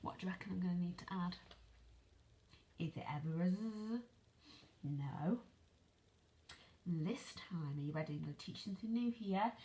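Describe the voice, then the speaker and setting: A woman teaches phonics to young children over video. She speaks slowly and clearly, spells words out letter by letter, and keeps checking in with questions. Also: on the low side, mellow. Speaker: primary school teacher. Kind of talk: online phonics lesson for children.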